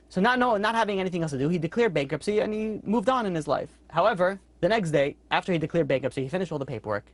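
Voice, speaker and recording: A man who teaches a weekly Torah class, telling stories in a quick, conversational way and jumping up in pitch when he voices characters. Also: expressive, no room sound. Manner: quick, conversational, acts out characters with sudden high-pitched outbursts.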